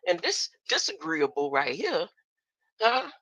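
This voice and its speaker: Woman streamer, expressive rises and falls, dry close sound. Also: low-pitched, a little slow, no echo, rough recording. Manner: animated, rhetorical "huh?" asides, laughs often. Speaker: streamer commenting on videos. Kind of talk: casual commentary.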